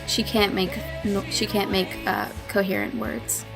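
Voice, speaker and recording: A woman narrating a tabletop role-play game as game master, relaxed and casual, with fillers and laughs. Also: mid-range voice, measured pace, over music.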